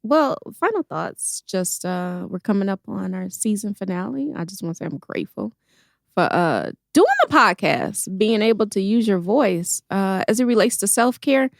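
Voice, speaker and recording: A woman's voice: medium pitch, animated, normal speed, creaky, no room sound, studio quality. A woman professor co-hosting a podcast in casual chat, laughing often and sharing encouraging thoughts.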